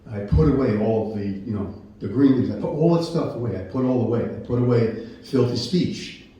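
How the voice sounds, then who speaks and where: A man's voice: medium pitch, a little fast, dark tone. A man earnestly telling his Christian testimony in a casual, rambling way, often restarting and becoming emotional. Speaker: channel host giving his Christian testimony. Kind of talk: personal testimony, casual storytelling. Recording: very echoey room, voice picked up from a distance.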